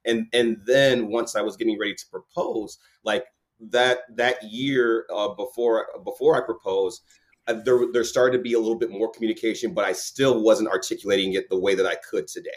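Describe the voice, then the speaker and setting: Guy on a podcast thinking out loud, laid back, laughs a lot. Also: fairly low pitch, steady tone, normal speed. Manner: reflective, laughs easily, restarts sentences. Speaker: podcast guest. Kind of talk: casual podcast conversation.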